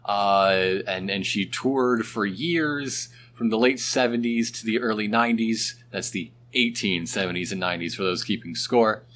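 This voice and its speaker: A man co-hosting a podcast in casual chat, talkative and quick to laugh. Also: on the low side. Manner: chatty, laughs often, lively. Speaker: podcast co-host.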